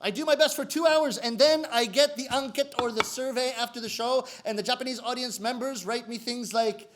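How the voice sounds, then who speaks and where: A man's voice: very high voice, fairly quick, few pauses, background noise. A Canadian man in his forties with a Canadian English accent, telling self-mocking comic stories on stage in a chatty way. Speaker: rakugo comedian.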